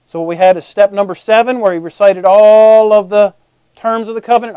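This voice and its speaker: A man's voice: high voice, steady tone, brisk, dark tone, clean tone, no echo. A man preaching a sermon, humorous and conversational, often asking the congregation questions. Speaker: pastor. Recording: dull lo-fi recording.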